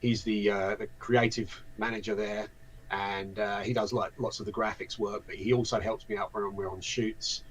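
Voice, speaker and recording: A man's voice: fairly low pitch, flat delivery, moderate pace, a little hiss or hum, rough recording. A man in his forties with an Essex accent, talking casually as an interview guest, rambling with lots of restarts and self-deprecating asides. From southeast England. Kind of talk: casual live-stream chat.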